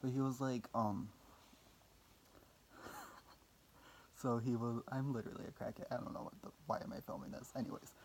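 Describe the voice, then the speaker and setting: A young man with a gravelly, fry-edged voice tells a personal story to camera in a loose, rambling vlog. He fills his talk with "like" and casual swearing and keeps cutting himself down. His pitch sits in an ordinary middle range for a man. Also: steady tone, moderate pace, pauses often, a little hiss or hum. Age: young adult. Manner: rambling, filler-heavy, self-deprecating, swears casually. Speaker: vlogger.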